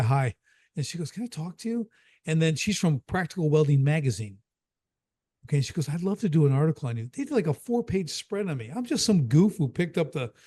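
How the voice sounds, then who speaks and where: A man's voice: fairly high pitch, dark tone, no room sound, clean studio sound. A middle-aged man from the Chicago area, an emphatic business coach who tells stories and keeps repeating key points, often checking in with "right?". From Chicago area, USA. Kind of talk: casual podcast conversation.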